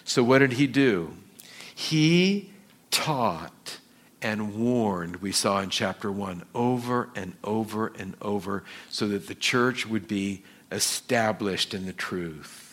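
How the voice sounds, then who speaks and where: A male pastor preaching a sermon, slowing down to stress scripture and acting out the quoted lines with lively shifts of voice. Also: lowish voice. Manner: animated, acts out quoted voices.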